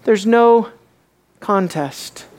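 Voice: mid-range voice, animated, very slow, a little mellow. Preacher working thru a bible passage, chatty, lots of questions to the crowd, repeats himself for emphasis. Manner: conversational, asks the audience many rhetorical questions; repeats and restarts phrases for emphasis. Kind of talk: expository sermon.

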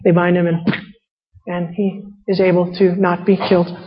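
A woman's voice: lowish voice, level tone, normal speed, slightly rough. A woman preaching a sermon, reading scripture and retelling characters in casual paraphrase. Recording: muffled sound in a reverberant hall.

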